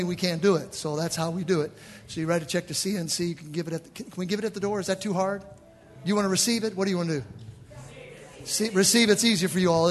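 A man leading a church service as pastor, joking with the congregation during the offering and closing with an altar call. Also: high-pitched. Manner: joking, then chanting and shouting with the congregation. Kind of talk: church offering appeal and praise chant. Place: church sanctuary. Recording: church hall with music and crowd. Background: music and congregation.

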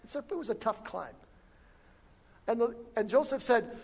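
High-voiced animated male preacher. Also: moderate pace, vocal fry, pauses often, slightly rough. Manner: animated storyteller who acts out dialogue. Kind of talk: storytelling sermon.

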